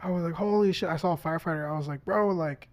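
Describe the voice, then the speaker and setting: Telling a story as a guest on a podcast, a man chats casually and animatedly, swearing often and acting out what each person said. His pitch is fairly high and he talks at a racing speed.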